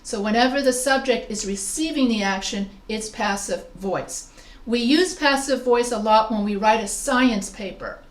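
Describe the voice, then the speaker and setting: A writing instructor whose voice runs on the high side leads an online grammar class in a reverberant space. She explains step by step, gives examples, and asks students questions.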